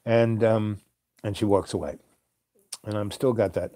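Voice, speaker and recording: Mellow rambling storyteller man. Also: lowish voice, fairly even intonation, unhurried, no echo. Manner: meandering and hesitant, full of fillers and soft chuckles. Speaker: host. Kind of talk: rambling late-night storytelling.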